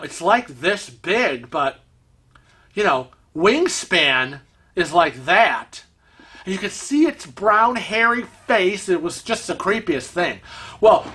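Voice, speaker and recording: A man telling a story in an animated, excitable way to his vlog viewers. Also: high-pitched, husky. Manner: animated, excitable storytelling with laughs and acted-out quotes. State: vision impaired, uses a cane. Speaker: vlog host. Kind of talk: casual storytelling.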